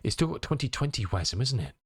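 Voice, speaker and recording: A man's voice: medium pitch, very animated, fast, breathy edge, no echo, clean studio sound. A male streamer chatting casually with his viewers, muttering to himself as he tinkers and answering chat messages.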